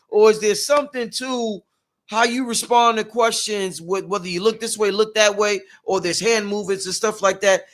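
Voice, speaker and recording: A man hosting a casual livestream interview, animated and exclaiming, reading out viewer questions. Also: high-pitched, fairly quick. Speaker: livestream host.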